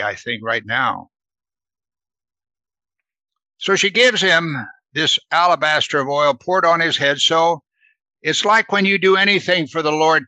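Man, Bible study teacher, chatty and earnest, bright tone, close and dry. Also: medium pitch, dry recording. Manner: earnest, asks the listeners questions, adds "right?".

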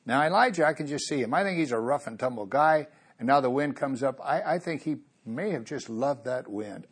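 A man's voice: medium pitch, moderate pace, breathy edge. A man preaching a sermon, earnest, bringing the story's voices to life as he goes.

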